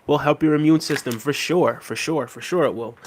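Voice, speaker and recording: Slightly fast and fairly high-pitched, a Jamaican live-stream host reads viewer comments aloud and responds casually, often using "um" and "you know what I mean". A little hiss or hum can be heard in the recording.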